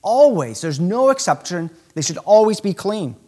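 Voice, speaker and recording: Male pastor, sermon, high voice, very lively pitch, emphatic delivery. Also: normal speed. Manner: animated, emphatic preaching with sudden shifts in pace.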